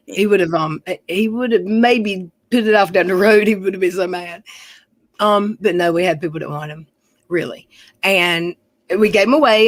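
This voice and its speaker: A woman's voice: lowish voice, no room sound, low-quality recording. Woman livestream host, casual storyteller, chatty and rambling, dry close sound. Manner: rambling, self-correcting, chatty.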